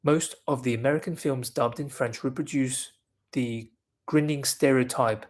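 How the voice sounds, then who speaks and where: A man reading a nonfiction book aloud in a measured, deliberate way, with small restarts now and then. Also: medium pitch, steady tone. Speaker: reader of a book.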